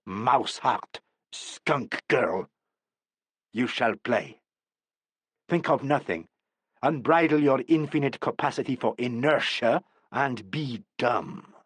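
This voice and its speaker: A man voicing a brusque male theatre dresser who coaxes and bullies in slow, commanding tones. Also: a little high, lively intonation, a bit bright, no echo. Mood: scornful.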